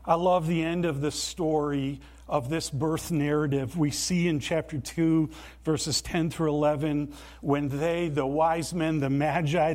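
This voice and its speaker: A man preaching a sermon in a church, earnest and emphatic, with deliberate pauses. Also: a little high, a little mellow. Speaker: pastor.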